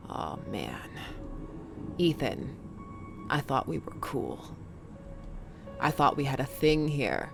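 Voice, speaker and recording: A woman doing a low taunting cult-leader dad. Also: big pitch swings, takes it slowly, creaky, pauses often, music in the background, exaggerated voice. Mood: mock-regretful. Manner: low, taunting, mock-casual. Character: menacing sly male cult leader dad.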